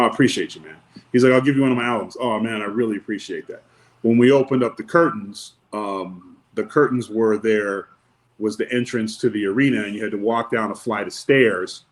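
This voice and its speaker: Low-voiced man telling a wry anecdote. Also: poor audio. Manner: laid-back, wry storyteller who acts out quotes. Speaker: podcast guest, wrestler and former bodyguard. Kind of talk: storytelling anecdote in casual chat.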